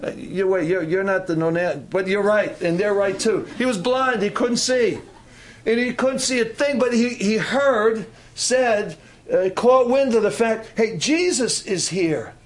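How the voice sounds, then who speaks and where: A man's voice: high-pitched, a little slow. A man preaching a sermon at a church service, repeating phrases and asking the congregation questions. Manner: repetitive, call-and-response preaching with audience questions.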